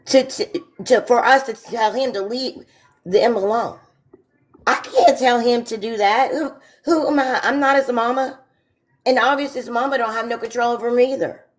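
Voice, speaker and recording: A woman's voice: fairly high pitch, normal speed. A woman co-hosting a casual talk show, emphatic and repeating herself when worked up. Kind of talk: casual chat.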